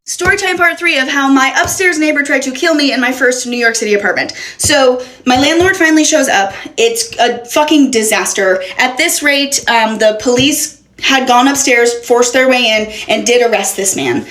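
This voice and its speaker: A woman's voice: sits high, moderate pace, a bit bright. A young woman telling an exasperated, profanity-laced story in a casual storytime. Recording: roomy echo.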